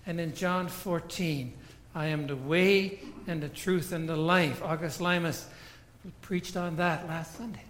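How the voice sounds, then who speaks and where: A pastor delivers a sermon at an unhurried, deliberate pace. The delivery is emphatic, with words repeated as each point builds. Long reverb from a church hall trails behind every phrase. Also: medium pitch, fairly even intonation, a bit bright.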